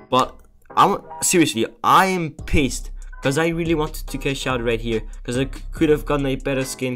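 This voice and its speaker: A young male gaming streamer with a medium-pitched, slightly bright voice gives casual commentary over a betting game. He's agitated, swearing and pleading again and again.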